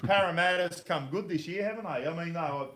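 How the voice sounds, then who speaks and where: A man's voice: a little high, brisk, fairly bright tone. An Australian man hosting a casual outdoor live stream, matey and chatty while he cooks. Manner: chatty, matey, laughing easily. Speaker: host. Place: outdoor camp barbecue. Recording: crowd noise behind.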